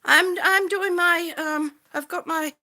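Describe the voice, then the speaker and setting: A woman livestreaming from home as she walks, greeting viewers warmly by name and slightly out of breath, talking into a phone on a gimbal. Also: very high voice, fairly even intonation, slow pace. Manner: warm, greets viewers by name, calls them sweetie. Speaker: vlogger on a livestream. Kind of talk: chatty live stream while walking. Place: indoors at home. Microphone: phone on a gimbal held while walking.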